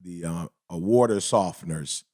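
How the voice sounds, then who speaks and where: A man co-hosting a casual podcast chat, telling stories in a lively, slangy way and acting out other people's lines. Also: low voice, normal speed, no room sound, studio quality. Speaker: podcast co-host.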